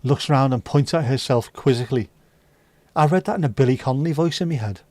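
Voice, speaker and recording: A man's voice: medium pitch, fairly quick, darkish tone, no echo. A man hosting a livestream, reading viewer comments aloud with sweary, jokey banter. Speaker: livestream host. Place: indoors.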